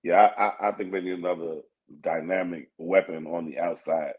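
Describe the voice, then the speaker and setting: A man's voice: low-pitched, steady tone, moderate pace, a little mellow, muffled recording. A man analyzing sports in casual talk-show chat, thinking aloud and asking "you know what I mean?". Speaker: sports talk co-host or guest.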